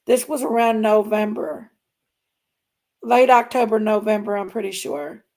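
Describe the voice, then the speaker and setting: A true crime channel host delivers casual livestream commentary to her viewers, often trailing off and repeating things. Her mid-range voice is darkish, with a steady tone and a slightly slow pace.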